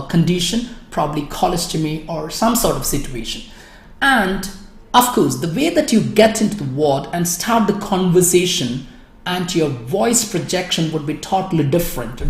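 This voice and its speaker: A woman's voice: lowish voice, darkish tone, roomy sound. A woman teaching an exam speaking class, explaining step by step and addressing her students by name. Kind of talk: online class lecture.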